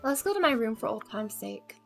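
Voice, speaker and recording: A woman's voice: on the high side, very animated, a little fast, gravelly, soft background music. A bubbly woman streaming a game, chatting casually with viewers and laughing often. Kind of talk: casual gaming chat.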